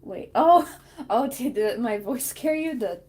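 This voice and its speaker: A woman's voice: a little high, lively intonation, unhurried, a little mellow, slightly rough. A woman chatting casually and rambling with many fillers while she crochets on a stream.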